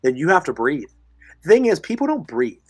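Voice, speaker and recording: A man's voice: fairly high pitch, big pitch swings, brisk, slightly rough, no room sound. A man co-hosting a podcast, giving earnest, emphatic advice and reading listener comments while losing his voice. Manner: emphatic, repeats phrases, coaching tone. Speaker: podcast co-host.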